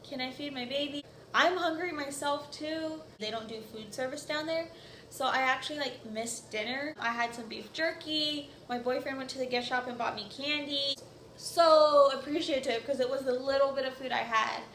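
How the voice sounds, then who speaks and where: Chatty young woman, high voice. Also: moderate pace, a bit bright, slight background noise. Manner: chatty, many "like" fillers. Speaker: vlogger. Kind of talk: casual storytelling. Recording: echoey room.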